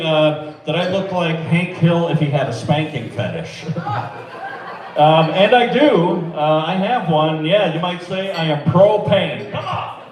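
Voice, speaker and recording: A man doing a stand-up set with a deadpan, self-deprecating delivery in a small club. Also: a little high, far from the mic. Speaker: stand-up comedian. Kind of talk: open-mic stand-up set. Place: small comedy club or bar. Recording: echoey club mic, crowd laughter, from afar.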